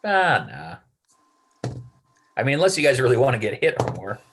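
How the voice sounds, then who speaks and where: A man's voice: medium pitch, big pitch swings, moderate pace, fairly bright tone, a little hiss or hum. Casual game master man, loose narration. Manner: loose, casual, with many fillers.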